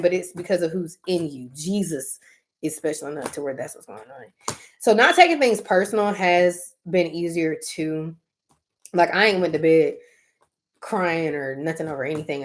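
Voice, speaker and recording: A woman in her thirties speaks straight to her viewers in a casual, candid chat. She is emphatic and blunt, leans on "like" as she goes, and breaks into laughter now and then. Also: mid-range voice. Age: 30s. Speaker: vlogger talking to her viewers.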